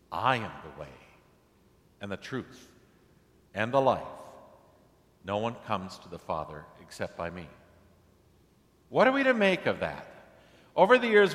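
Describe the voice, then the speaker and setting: A man's voice: fairly low pitch, fairly bright tone. Man preaching in a reverberant hall. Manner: conversational preaching with rising emphatic questions. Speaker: pastor. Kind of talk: sermon.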